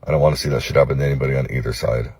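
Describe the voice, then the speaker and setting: A man from Los Angeles recording a phone-camera apology video, halting and cursing, with many pauses and fillers. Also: very deep voice, steady tone, darkish tone, husky, no echo. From Los Angeles, United States. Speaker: vlogger.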